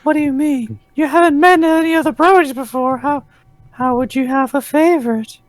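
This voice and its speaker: A man doing a squeaky, puzzled young mare. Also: normal speed, dry recording. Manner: high, puzzled questioning. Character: curious young female pony, earnest and bookish. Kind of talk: comedic read-aloud of fan fiction.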